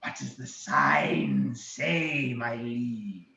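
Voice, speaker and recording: A man voicing a scheming male dragon who mimics other voices, speaking in slow, drawn-out tones over an online call. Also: medium pitch, big pitch swings, gravelly, bright, forceful tone, roomy sound, distant mic, highs cut off, heavily acted.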